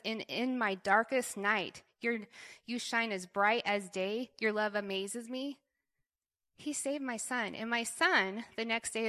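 A woman's voice: on the high side, sharp tone. A middle-aged woman, a mother, giving an earnest, emotional church testimony.

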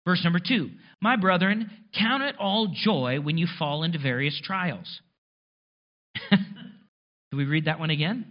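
A pastor preaching a sermon in a conversational way, with sarcastic asides and rhetorical questions. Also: male voice, high voice, sing-song, measured pace, dull audio.

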